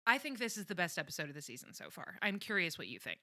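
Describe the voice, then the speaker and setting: A woman's voice: fairly low pitch, dry recording, clean studio sound. A woman co-hosting a podcast, chatting casually and jokily about a TV episode. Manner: animated, giggly, quick to joke. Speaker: podcast co-host. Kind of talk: casual chat recapping a TV episode.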